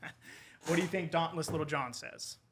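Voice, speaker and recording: A man, an English professor, telling a folk tale in casual conversation over wine, animated and quoting the characters. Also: on the high side, moderate pace, breathy edge. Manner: animated retelling with quoted character lines. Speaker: podcast guest, English professor.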